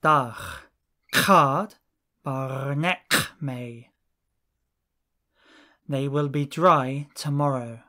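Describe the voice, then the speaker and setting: A language teacher reading lesson drills, saying each phrase slowly and deliberately, one at a time. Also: medium pitch, sharp tone.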